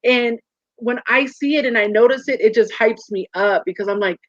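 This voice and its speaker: A woman in her forties, a guest in a casual interview, telling stories with lively acted-out quotes over a video call. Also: on the high side, normal speed, no echo. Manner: animated storyteller, acts out quoted voices. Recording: muffled dry call audio.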